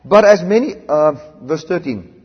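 A man preaching a sermon, switching between loud emphatic declarations and quiet low asides. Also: expressive, normal speed, breathy edge. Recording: dull sound with long hall reverb.

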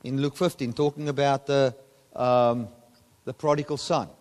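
Guy preaching a sermon, voice shoots up loud then drops way down, long hall echo. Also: medium pitch, normal speed. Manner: animated preaching, voice rising and dropping sharply for emphasis.

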